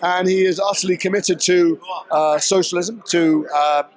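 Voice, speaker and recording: A man's voice: sits high, fairly even intonation, normal speed. A man being interviewed as an actor at a red carpet premiere, explaining his work in a thoughtful, articulate way.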